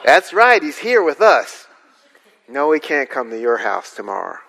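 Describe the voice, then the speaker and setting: A man doing a drawling rural backwoods host, hearty and loud, echoing hall sound. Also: medium pitch, very animated, measured pace, gravelly, some chatter behind, full character voice. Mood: folksy. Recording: long hall reverb.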